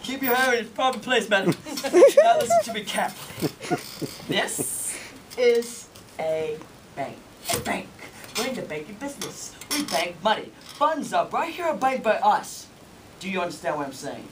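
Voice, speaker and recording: Impatient, pompous male banker, played by a woman; animated delivery, distant noisy recording. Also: medium pitch, moderate pace, close to an everyday voice. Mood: exasperated. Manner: exasperated, sarcastic, bursts into shouting. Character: exasperated male bank official, pompous and impatient. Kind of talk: stage scene acting. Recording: distant mic, noisy background.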